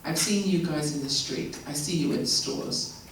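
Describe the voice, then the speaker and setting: A woman from England with an English accent, giving a chatty, animated Q&A talk to a live audience with laughing asides. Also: low voice, measured pace, slight background noise. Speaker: guest speaker. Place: event hall. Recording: echoey hall, mic far off.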